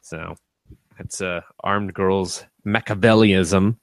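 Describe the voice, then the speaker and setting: Low-voiced man for casual podcast banter: profane, laughing, retells scenes with put-on quotes, dry close mic. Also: fairly even intonation, takes it slowly, no echo. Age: adult with a young son. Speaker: podcast co-host. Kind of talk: casual anime review chat.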